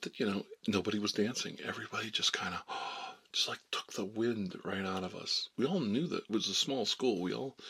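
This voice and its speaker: A man in his fifties, a life coach telling a story in a soft-spoken ASMR style, drifting between whispers and low murmurs. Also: creaky, slightly rough. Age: 50s.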